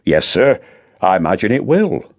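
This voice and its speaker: A man's voice: fairly low pitch, big pitch swings, normal speed, darkish tone, pitched above the performer's own voice. A man voicing a blunt, sardonic middle-aged police chief inspector, in an audiobook. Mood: dry.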